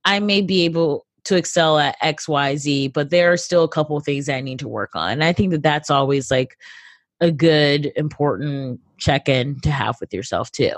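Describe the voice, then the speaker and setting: A lowish-pitched woman comedian chats loosely into a close podcast mic, her thoughts full of "like" and "you know". She slips into quick voiced asides as she talks. The sound is dry and close. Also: no echo. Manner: rambling, filler-heavy, animated quoting. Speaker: comedian guest. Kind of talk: casual interview chat.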